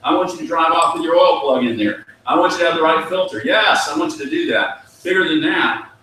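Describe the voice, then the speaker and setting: A man in his fifties delivers a motivational business talk, telling stories and having the audience repeat phrases back to him. His voice is bright and forceful. It is picked up from across an echoey meeting room. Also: a little high, expressive, brisk, a little hiss or hum. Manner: storytelling, acts out dialogue, has audience repeat phrases. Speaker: business speaker. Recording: echoey room, mic at a distance.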